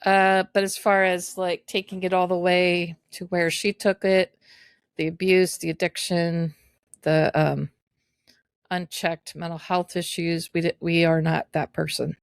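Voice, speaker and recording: A woman co-hosting a podcast, guiding the conversation in a measured way and recapping earlier episodes. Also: fairly low pitch, flat delivery, clear, resonant tone, dry recording, clean studio sound. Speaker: podcast co-host. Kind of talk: candid personal conversation.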